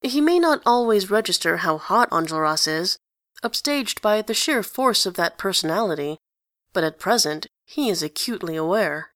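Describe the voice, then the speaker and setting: A woman narrating a story in an even, conversational way. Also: mid-range voice, moderate pace, dry recording, studio quality. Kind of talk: story reading.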